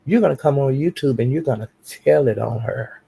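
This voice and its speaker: A man ranting on a live stream, taunting someone with profane insults and slow, drawn-out jabs. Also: medium pitch, gravelly, mellow, breathy edge. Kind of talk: heated live-stream rant.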